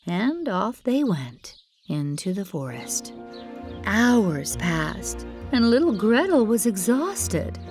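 A woman reading a children's fairytale aloud as storyteller, expressive and playful. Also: mid-range voice, slow, soft background music.

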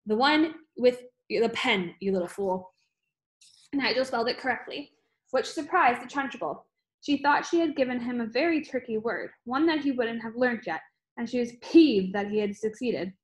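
Brief: woman storybook narrator, fairly high pitch, steady reading. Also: normal speed. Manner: steady reading with some slips and fillers. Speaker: audiobook reader.

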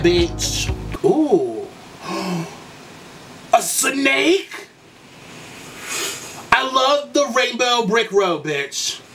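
A young man doing excited reaction commentary, gushing, campy and full of swearing, gasps and shrieks. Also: very high-pitched, distant mic. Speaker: YouTube reactor. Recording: music video playing loudly behind. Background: pop music.

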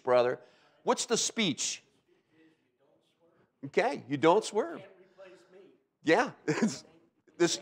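A man's voice: medium pitch, fairly bright tone. A middle-aged man from Delaware preaching a sermon as a pastor, telling stories with sound effects and frequent "okay?" asides. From Delaware, USA.

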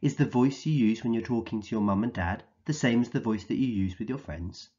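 A man teaching a recorded vocabulary lesson for young children, speaking slowly and clearly in an encouraging way and acting out the words he defines. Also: medium pitch, warm tone, muffled recording. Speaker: early years teacher.

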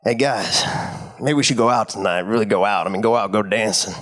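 A man doing a low, tipsy party-hungry guy. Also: a little fast, a bit bright, lightly acted. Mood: suggestive. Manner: low, suggestive drawl. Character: tipsy, flirty middle-aged man wanting to party.

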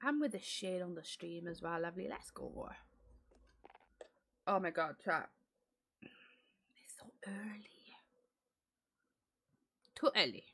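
A woman streaming a game early in the morning, chatting to viewers in a croaky, sleepy voice and laughing loudly. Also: fairly low pitch, big pitch swings, moderate pace, long pauses. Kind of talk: casual chat while gaming live.

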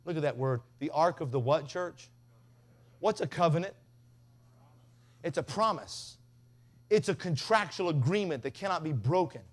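A man's voice: a little high, expressive, normal speed, long pauses. A man preaching a revival sermon, telling stories in a folksy way and acting out the voices of the people in them. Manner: folksy storyteller, mimics voices, builds to shouting. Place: revival tent.

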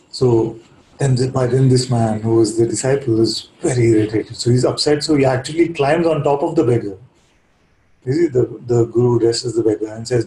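A man giving a calm, reflective spiritual talk, telling a parable and often checking in with his listeners. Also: mid-range voice, a little slow, long pauses, a little hiss or hum. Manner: calm, reflective, keeps asking "you see?". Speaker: spiritual teacher. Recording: echoey room.

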